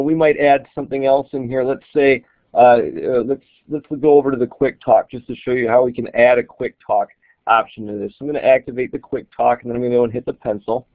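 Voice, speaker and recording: A man's voice: mid-range voice, gravelly, no room sound. A man giving a casual, explanatory walkthrough of an app in a screen-recorded tutorial, thinking aloud as he demonstrates. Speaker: app reviewer. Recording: tinny, dry, phone-like audio.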